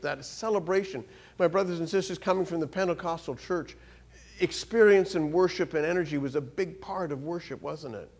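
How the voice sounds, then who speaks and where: A man gives an animated sermon as a guest speaker in a church. His pitch and loudness rise abruptly, and he often repeats himself or restarts words.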